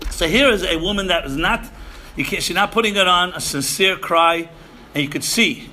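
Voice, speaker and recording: Emphatic bright-voiced man lecturing. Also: on the high side, slight background noise. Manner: emphatic, repeats phrases, Yiddish and Hebrew terms. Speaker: rabbi lecturing seminary students. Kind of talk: sermon-style lecture.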